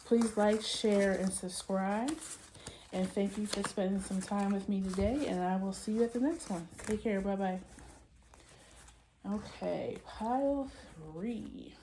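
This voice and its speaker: A woman's voice: mid-range voice, measured pace, warm tone, a little hiss or hum. A woman giving a casual tarot reading, chatty and musing as she talks straight to her viewers. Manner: chatty, loose and musing, addresses viewers directly. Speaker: tarot reader.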